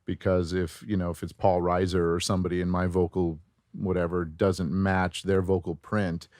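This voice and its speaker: Middle-aged male voice actor, lively demo-heavy talker, slightly low voice, dry booth-like sound. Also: normal speed, dry recording. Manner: animated, demonstrates voices while explaining. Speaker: voice actor guest. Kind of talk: casual interview chat.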